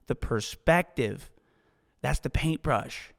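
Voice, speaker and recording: A man talks straight into the mic in a forceful, swearing, motivational style, circling back over his points. His voice sits at an ordinary middle pitch. A long reverb tail trails after his words. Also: expressive, slow, vocal fry. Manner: emphatic, profane, repeats himself. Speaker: podcast host. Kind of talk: motivational podcast monologue.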